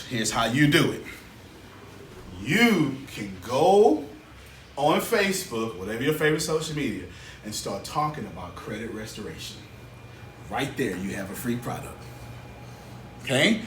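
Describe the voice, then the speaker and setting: A man teaching a live seminar as a business coach, energetic and colloquial, drawing call-and-response from his audience. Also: medium pitch. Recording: echoey room, mic far off, faint hiss.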